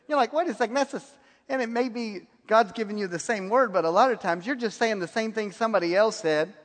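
A man's voice: high-pitched, brisk, a bit bright. A man preaching a sermon, telling stories and laughing at his own anecdotes. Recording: long hall reverb.

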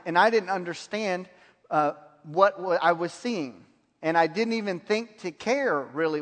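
Male preacher, high voice, animated storyteller who laughs easily, long hall reverb. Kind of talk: sermon testimony.

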